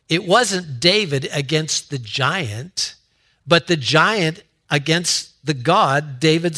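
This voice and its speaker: Slow, bright-voiced male pastor preaching. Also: mid-range voice. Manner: storytelling with asides, halting restarts. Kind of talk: sermon.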